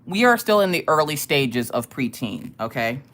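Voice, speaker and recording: A woman host telling a family story in casual chat, profane and animated, often laughing. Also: a bass voice, moderate pace. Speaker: streamer and craft channel host.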